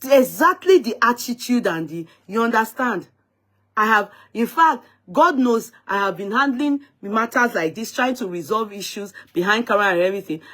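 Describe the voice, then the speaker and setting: A woman's voice: medium pitch, fairly bright tone. Woman host of a live online talk show, emphatic and indignant, repeats points, mid-range voice. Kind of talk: live-stream talk show, recounting a dispute.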